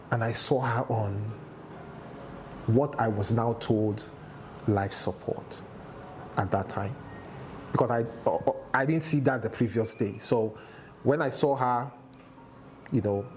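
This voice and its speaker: A man of middle pitch tells a painful family story, speaking haltingly and restarting his sentences as emotion takes hold. His voice climbs when he is distressed. A faint hiss of background noise sits under the recording. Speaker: interview guest. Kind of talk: emotional personal testimony.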